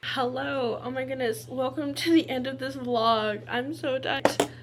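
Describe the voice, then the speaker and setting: A woman's voice: high voice, steady tone, unhurried. Giggly rambling young woman. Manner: giggly and rambling, many "like"s, drops to a whisper at times. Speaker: booktube vlogger. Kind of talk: casual reading vlog chat.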